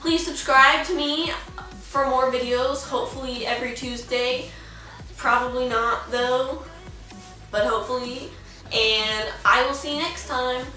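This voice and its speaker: A woman's voice: sits high, steady tone, measured pace, sharp tone. A young woman in her late teens telling a story in a casual vlog, chatty and full of "like", acting out what people said. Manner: chatty, heavy use of "like", acts out quoted lines. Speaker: vlogger. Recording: very echoey room, distant mic, faint music.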